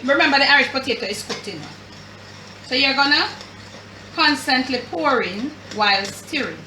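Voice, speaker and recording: A chatty Jamaican woman walks her viewers through a recipe in a home kitchen, talking easily to them as family. Her voice is bright and fairly high. It comes from a step away from the mic, with an echoey room around it. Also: lively intonation, normal speed, distant mic, a little hiss or hum. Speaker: cooking show host. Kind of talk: casual cooking demonstration.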